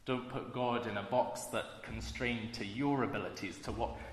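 A man preaching a sermon in an earnest, measured way, slowing down to stress key phrases. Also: medium pitch, fairly even intonation. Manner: earnest, measured delivery with slow emphatic phrases. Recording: echoey hall with long reverb.

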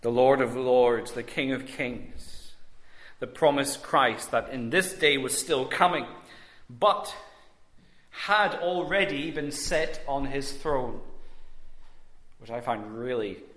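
A man preaching a sermon, measured and emphatic with long pauses. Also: medium pitch, fairly bright tone, echoey room.

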